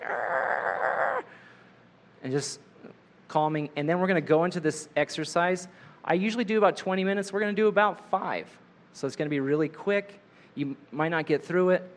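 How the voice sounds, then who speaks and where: A man leading a group through a guided breathing prayer, talking gently and slowing down to softly repeat a short prayer phrase. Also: a little high. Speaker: leader of a guided prayer session. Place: live in front of a group.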